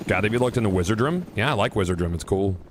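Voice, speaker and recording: A man's voice: lowish voice, animated, racing, background noise. A man streaming a video game, chatting casually and swearing in loose, rambling talk with restarts at a desk microphone. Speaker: gaming streamer. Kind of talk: casual livestream chat while gaming.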